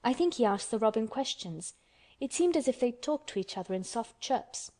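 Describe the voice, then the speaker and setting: A woman's voice: fairly high pitch, lively intonation, moderate pace, warm tone. A woman voicing a blunt, stubborn young orphan girl who speaks earnestly in a storybook. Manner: earnest, contrary storybook telling.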